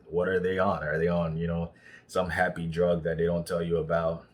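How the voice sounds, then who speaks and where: A man's voice: sits low, flat delivery, fairly quick. A young man from Nigeria talking casually about student life, with lots of "you know" fillers. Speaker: vlogger. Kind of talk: casual monologue.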